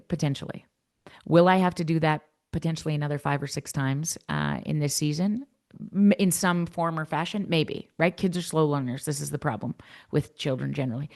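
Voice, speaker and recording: A woman coach giving a workshop talk to coaches and parents in a frank, blunt, energetic way. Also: low voice. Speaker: youth coach and workshop presenter.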